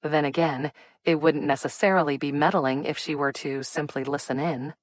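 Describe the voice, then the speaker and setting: Low-voiced woman audiobook narrator. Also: steady tone, moderate pace, dry recording. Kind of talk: scripted narration.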